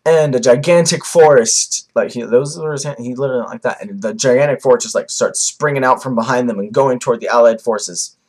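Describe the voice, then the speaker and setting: A man's voice: mid-range voice, brisk, few pauses, darkish tone. A young man giving casual, rambling commentary on a comic chapter, with many fillers and restarts. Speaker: manga reviewer.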